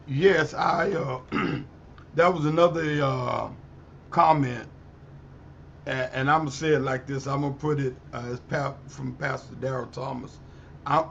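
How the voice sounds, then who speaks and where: A man, a pastor, speaking on a community panel in a deliberate way, searching for his words as he goes. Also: medium pitch, vocal fry, fairly bright tone. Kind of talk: panel discussion. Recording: muffled audio with faint background noise.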